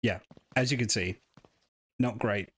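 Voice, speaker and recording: A man's voice: fairly low pitch, a little slow, a bit bright, slightly rough. A man from the United Kingdom streaming a game live, chatty and self-deprecating as he explains history between play. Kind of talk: casual live-stream commentary.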